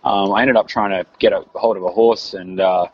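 A man's voice: sits low, fairly even intonation, brisk, slightly rough. An Australian man, around his thirties, chatting casually as an interview guest, rambling with lots of fillers and restarts. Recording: dull lo-fi recording.

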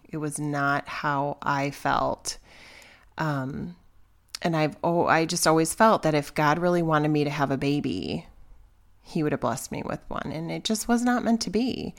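A woman in her forties, hosting a podcast and candidly telling a personal story in a lively, exclaiming way. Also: low-pitched. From Chicago area, US. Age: 40s. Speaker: podcast host.

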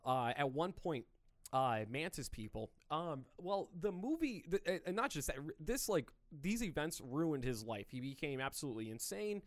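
Brief: male podcast host, slightly high voice, joking and foul-mouthed, dry close mic. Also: expressive, moderate pace, dry recording. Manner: loose, joking, swears freely. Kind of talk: casual chat.

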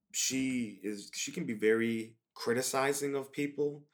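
Laid-back male podcast host, casual rambling solo talk, medium pitch. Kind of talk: casual monologue.

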